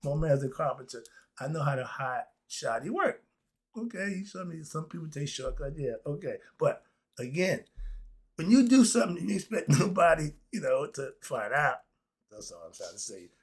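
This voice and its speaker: A man lecturing on history with passion and speaking. He swings between loud outbursts and low asides and laughs often. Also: expressive, moderate pace, breathy edge.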